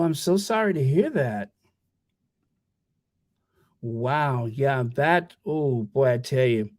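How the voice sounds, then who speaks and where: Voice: mid-range voice, darkish tone, no echo, studio quality. A livestream host chatting casually, rambling and stammering while reading viewer messages aloud.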